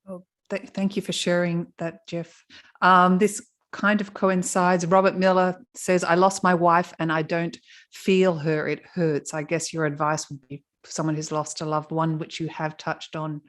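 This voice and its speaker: Podcast host lady, really low voice, pretty monotone, gentle and a bit hesitant. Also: moderate pace. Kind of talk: reading a listener question.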